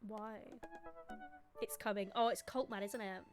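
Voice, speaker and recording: A woman's voice: mid-range voice, steady tone, a little slow. A young woman streaming a dating game, reading it aloud playfully with giggly commentary. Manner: playful, giggly, voices the characters. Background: background music.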